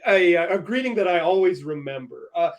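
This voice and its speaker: A man's voice: sits high, normal speed. A young man hosting a sports podcast, telling stories energetically and laughing as he goes. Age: young adult. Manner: energetic, animated, laughing storyteller. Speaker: podcast host. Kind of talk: casual sports podcast chat.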